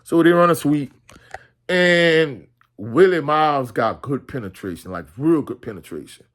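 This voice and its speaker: A man's voice: fairly high pitch, animated, a little slow, a bit bright. A man giving a blunt, casual postgame reaction to a football game, with many "you know" fillers. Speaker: sports commentator.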